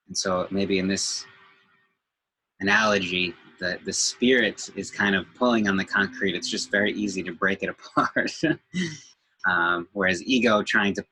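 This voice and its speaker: A man's voice: deep voice, pushed and bright, husky, poor audio. A man speaking in a reflective group discussion, thoughtful and hesitant, with many fillers and restarts.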